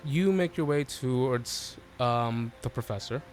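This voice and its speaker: A man running a tabletop game as game master, narrating in a halting way with many fillers and restarts. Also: mid-range voice. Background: faint background music.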